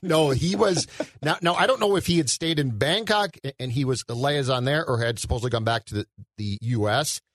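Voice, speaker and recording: A man's voice: mid-range voice, brisk, a bit bright, dry recording, clean studio sound. A man co-hosting a casual film podcast, who talks in a rambling way with many restarts. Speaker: podcast co-host.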